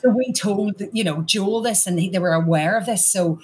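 A woman's voice: medium pitch, moderate pace, breathy edge. A middle-aged Irish woman chatting as a stage actor guest, rambling with many restarts and fillers. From Ireland. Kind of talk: casual chat.

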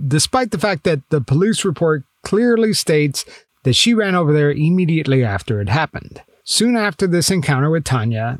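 Male true-crime host, scripted narration with a lively, higher delivery and a dry close mic. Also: no echo. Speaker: podcast host.

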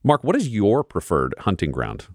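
Lively, playful game master man. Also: on the low side, moderate pace, dry recording, studio quality. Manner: theatrical, playful storytelling. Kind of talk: improvised tabletop game narration. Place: studio.

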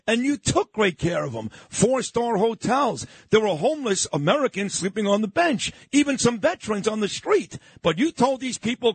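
A man's voice: sits high, very animated, normal speed, few pauses, slightly rough, no room sound. A man hosting a morning talk radio show, ranting in a fired-up, opinionated way. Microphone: studio microphone.

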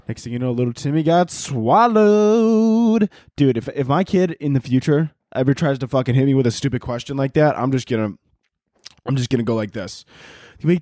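A man's voice: medium pitch, animated, fast, darkish tone, no echo, clean studio sound. A young man hosting a solo comedy podcast, ranting crudely and acting out little characters in his bits. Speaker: podcast host.

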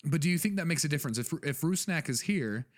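A man's voice: on the high side, animated, fast talker. Joking, rambling podcast host man. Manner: joking, laughs often, rambling. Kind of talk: casual sports chat.

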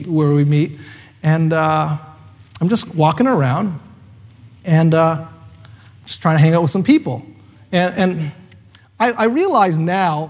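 Male pastor, thirties, sermon storytelling, high voice, reverberant hall. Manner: conversational storytelling with fillers and voiced quotes.

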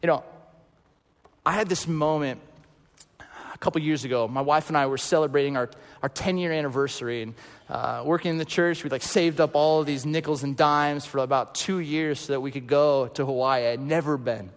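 A male pastor in his thirties preaching a sermon, telling stories and swinging from loud to hushed. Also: fairly high pitch, moderate pace, big-room sound.

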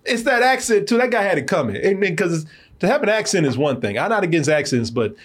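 A man's voice: high voice, fast talker. A man hosting a movie review show, telling stories in casual chat, laughing often and acting out quotes. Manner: laughing, animated storytelling, acts out quotes.

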